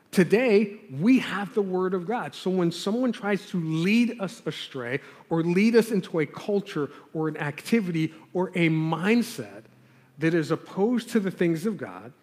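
A man preaching a sermon with a fairly high voice, talking to the congregation like friends while leaning hard on the words that matter. His voice rings out with a long hall reverb behind it. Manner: earnest, conversational preaching with emphatic stresses. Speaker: pastor.

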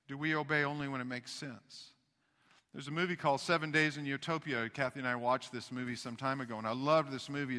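A man preaching a sermon in a church sanctuary, his high voice ringing through a long hall reverb. He sounds bright and keen-edged, folksy and animated. He keeps asking the room rhetorical questions and restarting his sentences. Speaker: pastor.

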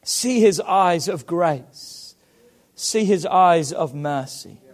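A man preaching a sermon, swinging from hushed to loud and fervent, acting out Bible dialogue. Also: sits high, animated, slow. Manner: acts out Bible dialogue with stammered repeats. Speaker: pastor.

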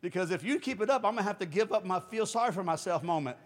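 A man preaching a sermon as pastor, animated, acting out quoted voices and rising to shouts. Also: high voice, quick pace. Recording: long hall reverb.

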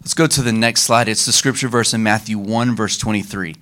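A man preaching a sermon as pastor, leading the congregation in call-and-response and slowing down for emphasis. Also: lowish voice, steady tone, a bit bright. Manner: leads the congregation in call-and-response, varies his pace for emphasis.

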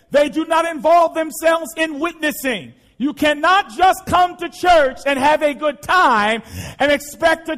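A male pastor preaching a sermon, impassioned and repetitive, often shouting to the congregation. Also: very high voice.

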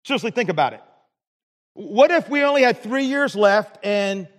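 High-voiced pastor preaching in a reverberant church. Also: male voice, animated, normal speed. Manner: earnest preaching with frequent repeated restarts and rhetorical "right?". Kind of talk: sermon. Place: church sanctuary. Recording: long hall reverb of a church.

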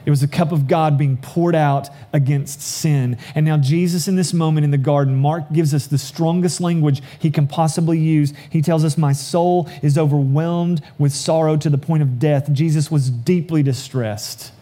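A man preaching a sermon, reading scripture aloud and explaining it earnestly, slowing down for emphasis. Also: a little high, fairly even intonation, mellow. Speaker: pastor.

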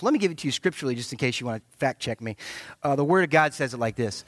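Man, pastor, sermon, high voice, dry close sound. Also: fast, no room sound. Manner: animated, joking preacher who acts out quotes.

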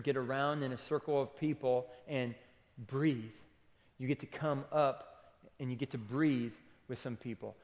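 A man preaching a sermon as pastor in a church, conversational and emphatic, often saying "okay" and "listen". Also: mid-range voice. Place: church auditorium. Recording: long hall reverb.

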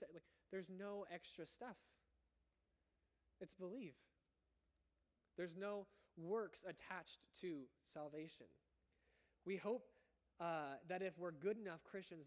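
High-voiced casual young male pastor. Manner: casual, chatty and self-correcting. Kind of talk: sermon.

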